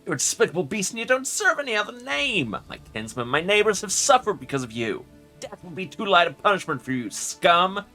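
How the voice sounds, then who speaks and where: A man voicing an angry, righteous male crusader hero who accuses loudly. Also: fairly high pitch, racing, few pauses, soft background music, voice pushed up, natural voice. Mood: furious. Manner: loud, accusing.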